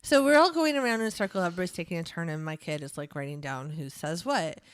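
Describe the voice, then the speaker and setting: A woman's voice: fairly low pitch, quick pace, clear, resonant tone, no echo, clean studio sound. A middle-aged woman co-hosting a podcast in casual chat, playful and laughing often. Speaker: podcast co-host.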